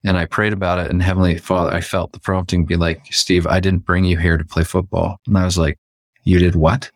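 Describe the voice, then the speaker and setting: A man with a low voice shares a personal story as a podcast guest. He is from Canada and he brings quoted lines to life with sudden jumps in pitch. The sound is dry and close, with no room echo. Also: level tone, fast.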